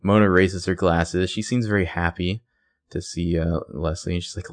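A man with a low voice talks through a TV episode in a casual podcast chat. He is playful and animated as he retells scenes. The sound is dry and close, with no room around him. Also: normal speed, no room sound. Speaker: podcast co-host.

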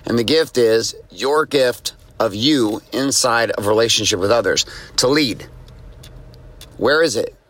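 A man's voice: medium pitch, a little slow, a bit bright, no room sound. A man hosting a daily motivational podcast, speaking emphatically and repeating key phrases for effect. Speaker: podcast host. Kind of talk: motivational monologue.

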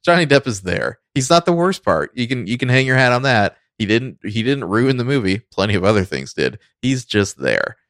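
A man's voice: medium pitch, very animated, normal speed, few pauses, a bit bright, no room sound, clean studio sound. A man co-hosting a podcast, chatting loosely about a film and swearing casually, with a lot of "like". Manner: loose and profane, heavy use of "like". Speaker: podcast co-host. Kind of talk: casual film review chat.

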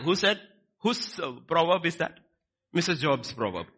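A man preaching a sermon, swinging between quiet lines and loud, emphatic ones. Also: fairly high pitch, big pitch swings, moderate pace, slightly rough. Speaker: pastor.

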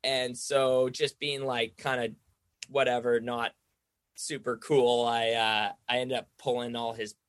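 A man's voice: medium pitch, level tone, unhurried, clean tone, no room sound. Rambling man telling a story. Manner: rambling, says "like" constantly, acts out quoted voices. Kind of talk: casual storytelling chat.

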